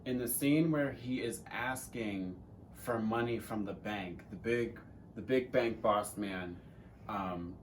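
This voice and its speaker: A man's voice: lowish voice, takes it slowly, recorded from a distance, a little hiss or hum. A teenage man co-hosting a casual Q&A chat, rambling and joking with some swearing. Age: teens. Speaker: co-host.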